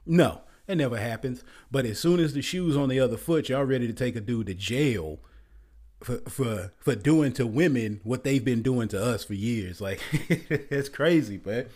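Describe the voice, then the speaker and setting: A man's voice: mid-range voice, moderate pace, darkish tone. A man giving a blunt, exasperated rant in a casual commentary, often repeating himself and restarting his sentences.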